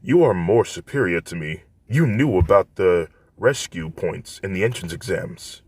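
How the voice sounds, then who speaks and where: A man's voice: low voice, lively intonation, moderate pace, a little mellow, slightly rough. A man doing a stiff rule-bound teen boy. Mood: formal. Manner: formal, scolding.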